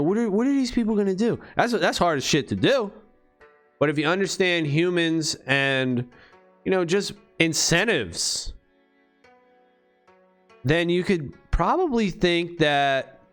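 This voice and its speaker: A man's voice: a little high, fairly bright tone. A man talking to his channel in a rambling, profane monologue full of rhetorical questions. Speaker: crypto vlogger.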